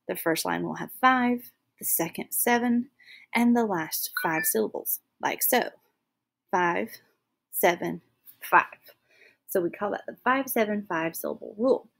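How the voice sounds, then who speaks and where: A woman's voice: medium pitch, vocal fry, breathy edge. A woman teaching a recorded first grade lesson, explaining patiently and clapping out syllables. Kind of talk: recorded classroom lesson for young children.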